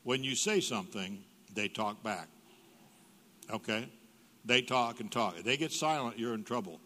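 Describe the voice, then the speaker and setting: A man's voice: fairly low pitch, normal speed, pushed and bright. An older man preaching as a guest speaker, telling humorous stories and acting out dialogue with big jumps in his voice. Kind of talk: humorous sermon storytelling. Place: church sanctuary. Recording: reverberant church hall.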